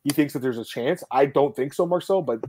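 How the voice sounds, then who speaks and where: Fast-talking, blunt male podcast host. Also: medium pitch, a little mellow, slight background noise. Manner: blunt, swears freely, quick opinionated talk. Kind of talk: casual podcast chat.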